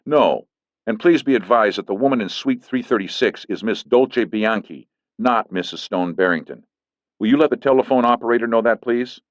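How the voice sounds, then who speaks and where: Man voicing a firm man, measured, defensive, dry lo-fi sound. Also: mid-range voice, dry recording, pitched above the performer's own voice, lightly acted. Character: firm middle-aged man, a lawyer. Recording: dull lo-fi recording.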